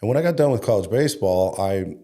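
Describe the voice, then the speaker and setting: A middle-aged man with a low, mellow voice tells his story in a casual interview. He talks in a loose, chatty way, full of fillers and with a bit of mild swearing thrown in. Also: animated, fast talker. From Denver, Colorado, USA. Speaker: head coach, interview guest.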